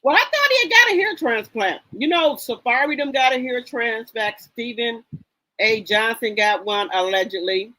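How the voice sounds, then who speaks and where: A woman hosting a live stream gossips casually, reading chat aloud and greeting viewers by name in a sassy, chatty manner. Her voice is a little high, animated and bright, with a forceful tone at normal speed, and the recording is rough.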